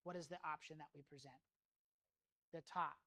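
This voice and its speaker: A man's voice: on the high side, fairly even intonation, moderate pace, creaky, sharp tone, no room sound. A man leading an in-house sales training, talking conversationally, quizzing the room with rhetorical questions and swearing now and then. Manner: casual, swears in passing.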